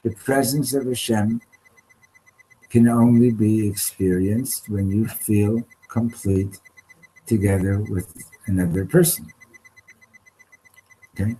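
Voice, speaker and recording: A man leading an informal Torah class, halting and restarting often, slipping Hebrew terms into his English. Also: lowish voice, steady tone, mellow, breathy edge, rough recording. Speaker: Torah teacher. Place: study hall classroom.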